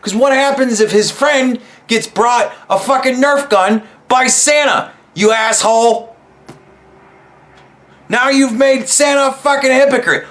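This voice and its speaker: A man's voice: extremely high pitch, measured pace, fairly bright tone. A man hosting a podcast, delivering an angry, mocking political rant full of swearing. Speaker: podcast host. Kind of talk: profane political commentary rant.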